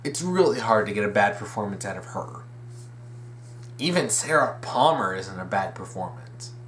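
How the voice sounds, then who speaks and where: A man's voice: on the low side, expressive, moderate pace, a bit bright, a little hiss or hum. A young man hosting a casual fan commentary video, rambling, restarting his sentences and correcting himself with eager, opinionated enthusiasm. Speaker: video essay host.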